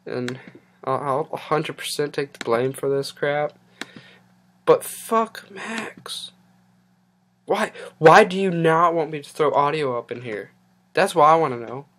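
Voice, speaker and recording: Speaking at a measured pace in a medium, fairly bright and animated voice, a podcast host makes casual live-stream small talk. Technical glitches leave the host exasperated, flustered, and swearing.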